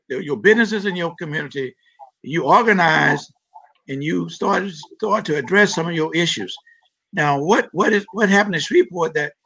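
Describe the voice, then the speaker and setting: A man with a raised, gravelly voice and a husky edge, talking about his community in an earnest, emphatic way. He often repeats words as he pushes a point. The audio is dull and lo-fi, like a live stream. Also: on the high side, a bit bright. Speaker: city council member guest. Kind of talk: interview answers about community issues.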